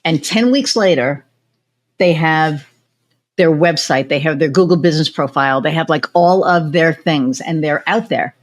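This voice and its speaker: Chatty woman podcast host, low voice. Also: normal speed. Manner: animated storytelling, acts out quoted voices. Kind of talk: casual chat.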